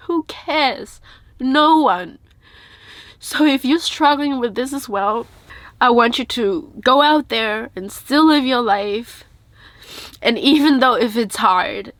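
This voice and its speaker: A tearful woman pours her heart out in a personal vlog, her voice sitting high and her words coming slowly and deliberately. The sound is dry and close, with no room around it. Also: a bit bright, no room sound. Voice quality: earnest, heartfelt. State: tearful, crying. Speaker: vlogger.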